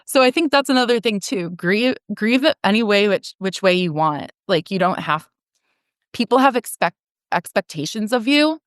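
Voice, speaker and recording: A woman's voice: mid-range voice, expressive, moderate pace, no echo, studio quality. A woman in her forties, a podcast guest telling her own story frankly, with frequent laughs and casual swearing. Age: 40s. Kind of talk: candid personal storytelling.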